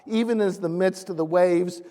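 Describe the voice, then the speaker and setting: A man preaching a sermon as pastor in a church sanctuary, earnest, rising animatedly and dropping soft. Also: high voice, moderate pace. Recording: echoey church hall.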